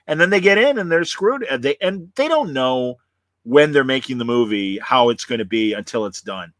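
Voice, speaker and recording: A man's voice: medium pitch, expressive, a little fast, fairly bright tone, no room sound. A man hosting a casual online talk show, rambling with many fillers and restarts as he chats and signs off. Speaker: host. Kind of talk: casual chat.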